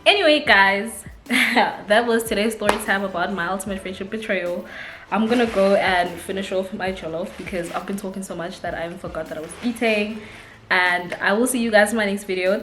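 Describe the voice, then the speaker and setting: A woman from South Africa with a South African accent, telling a story in a casual, animated vlog and laughing often. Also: medium pitch, fairly quick, roomy sound, slight background noise. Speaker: vlogger.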